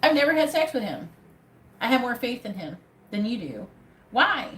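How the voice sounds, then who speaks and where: A woman's voice: on the high side, sing-song, normal speed, a bit bright. A woman giving a live tarot reading, talking in a blunt, profane way with a pep-talk delivery. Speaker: tarot reader. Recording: echoey room with faint background noise.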